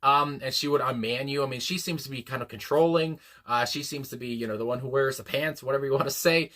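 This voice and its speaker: A man's voice: mid-range voice, quick pace, hardly any pauses, pushed and bright. A man hosting a music reaction video, rambling casually with lots of fillers, restarts and exclamations. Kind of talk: casual unscripted reaction commentary.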